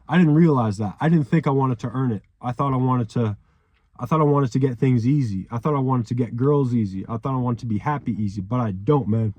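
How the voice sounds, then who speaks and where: A man's voice: mid-range voice, fairly quick, no room sound, muffled recording. Intense, profane young man ranting. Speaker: vlogger. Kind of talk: emotional motivational monologue.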